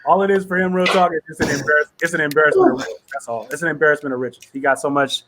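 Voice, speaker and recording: A man co-hosting a podcast in casual chat, telling animated stories and acting out quotes. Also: fairly high pitch, racing, noisy background. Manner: animated storytelling, acts out quotes. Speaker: podcast co-host.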